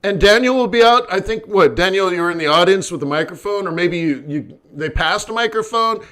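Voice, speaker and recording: A man hosting a live trading stream, telling stories in a lively casual way and acting out the people he quotes. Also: high-pitched, brisk. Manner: animated, acts out quoted people. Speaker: forex trading host. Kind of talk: live stream chat and storytelling.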